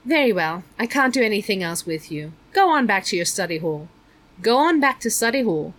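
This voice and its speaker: A stern, prying middle-aged school principal who lectures a pupil in a condescending tone, as a woman reading aloud puts him on. His voice sits at an ordinary middle pitch. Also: very animated, a little fast, fairly bright tone. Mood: exasperated.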